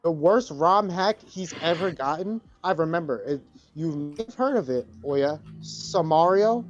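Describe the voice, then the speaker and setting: A man's voice: on the high side, expressive, moderate pace, muffled recording. A man co-hosting a podcast in casual chat, rambling and profane. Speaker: podcast co-host.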